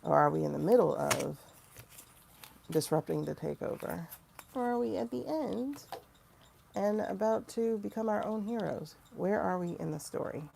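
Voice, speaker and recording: A woman hosting a casual livestream tarot reading, chatty and animated, with sudden mocking asides to her viewers. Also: mid-range voice, normal speed, creaky, background noise. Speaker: tarot reader and livestream host.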